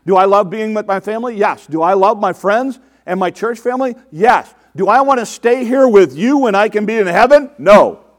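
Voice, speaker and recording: A man with a high, light voice preaches a sermon in an easy, conversational way. He asks his listeners questions and answers them himself, and he mimics the complaints of the people he quotes. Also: animated, normal speed, hardly any pauses. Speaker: pastor.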